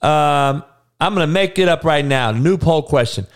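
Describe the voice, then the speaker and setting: A man's voice: fairly high pitch, normal speed. A man hosting a podcast, ranting casually and profanely to his audience with frequent laughing asides. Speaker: podcast host.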